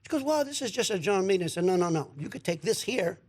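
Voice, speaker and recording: A man's voice: high voice, rapid-fire. A man telling a long story in a studio, acting out the voices of the people in it. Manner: animated storyteller acting out quotes, repeats words. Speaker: guest. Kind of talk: storytelling chat. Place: radio studio.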